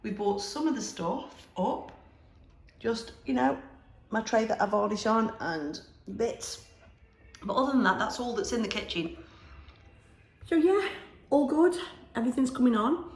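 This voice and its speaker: A woman's voice: a little high, lively intonation, a little slow, long pauses, a little mellow. Shop-owner vlogger, woman, rambling chatty delivery, recorded in an echoey bare room. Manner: chatty, rambling, laughs easily. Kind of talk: casual video diary. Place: small shop being renovated, indoors.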